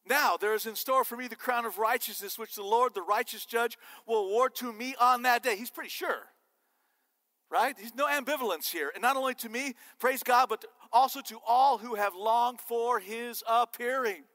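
High, bright-voiced joking preacher in hall. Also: male voice, normal speed. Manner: animated and joking. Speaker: pastor. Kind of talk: sermon. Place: church sanctuary.

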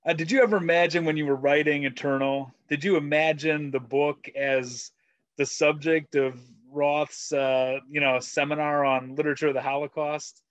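A man with a fairly high voice hosts a library author talk. He asks questions haltingly, restarting phrases before landing them. The sound is dry, with no room around it. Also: fairly even intonation, dry recording. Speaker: library interviewer. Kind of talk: interview questions.

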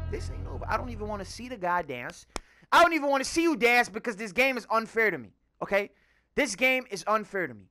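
Theatrical man doing loud game commentary. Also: sits high. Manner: loud, theatrical, swings from mock grief to yelling. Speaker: gaming YouTuber. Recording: background noise under the voice.

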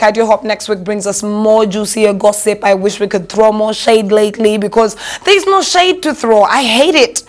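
A young Ugandan woman with a fairly high voice hosts an entertainment gossip show. She's sassy and animated, dropping Luganda phrases into her English as she delivers casual gossip commentary.

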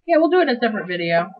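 A woman's voice: fairly high pitch, slight background noise. A young woman chatting casually and giggling while co-hosting a game playthrough. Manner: giggly, easygoing. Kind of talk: casual gameplay chat. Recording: dull lo-fi home recording.

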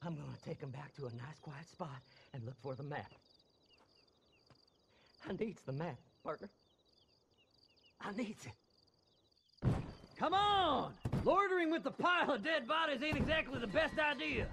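An actor playing a creepy, gleeful male grave robber who drawls, cackles and swings between whispers and shouts, in video game dialogue. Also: high-pitched, big pitch swings, unhurried, creaky, long pauses, heavily acted. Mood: eerie. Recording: loud wagon and horse game noise.

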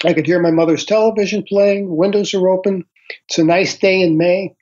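A man in his sixties, a guest author recounting a personal experience slowly and thoughtfully, pausing often with ums and uhs. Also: high voice, fairly even intonation, darkish tone. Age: 60s. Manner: slow, reflective storytelling with frequent pauses and fillers. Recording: dull lo-fi audio.

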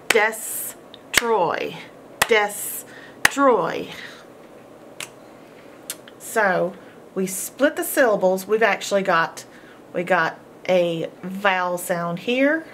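Patient teacher, woman, slow and deliberate, spells words sound by sound, faint hiss behind. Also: medium pitch, lively intonation. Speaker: homeschool teacher. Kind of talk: phonics lesson.

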